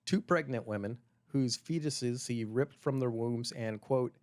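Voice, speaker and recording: A man co-hosting a podcast, wryly and irreverently retelling a dark story in casual chat. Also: mid-range voice, measured pace. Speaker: podcast co-host.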